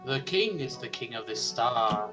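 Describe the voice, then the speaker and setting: A man voicing a humble, oddly forward bird king in a visual novel, speaking flatly and matter-of-factly. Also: medium pitch, a little slow, music in the background, natural voice. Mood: plain assertive. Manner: flat, matter-of-fact announcing.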